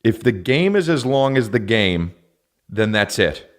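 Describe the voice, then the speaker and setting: A man's voice: fairly low pitch, sing-song, measured pace. A man hosting a comedy podcast, ranting in exasperated, profane bursts and slipping into mock voices. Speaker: podcast host. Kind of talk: comedic rant.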